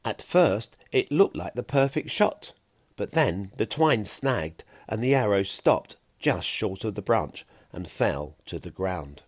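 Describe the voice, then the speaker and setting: A man reading a children's storybook aloud, unhurried and very expressive. His voice sits low and swings widely in pitch, recorded close and dry. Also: husky, dry recording. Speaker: narrator. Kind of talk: storybook narration.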